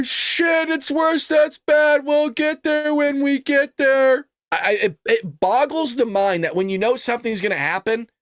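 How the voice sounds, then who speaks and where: Sarcastic, profane podcast host. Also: male voice, high voice, fairly bright tone, no echo, studio quality. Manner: sarcastic, profane, reads news aloud with mocking asides. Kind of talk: political commentary podcast.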